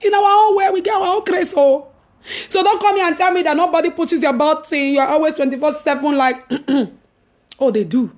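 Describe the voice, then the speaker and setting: A woman evangelist vlogger with a Nigerian accent tells a story in casual chat, her high voice at a normal speed. She is animated and laughs, swinging between loud and hushed.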